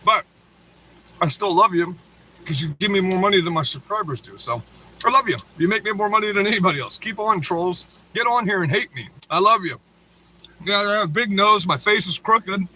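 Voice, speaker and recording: A man's voice: sits high, animated, fairly quick, bright, forceful tone, a little hiss or hum, low-quality recording. A man hosting a livestream, delivering a crude, profane, taunting rant at critics. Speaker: livestream host. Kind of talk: ranting livestream monologue.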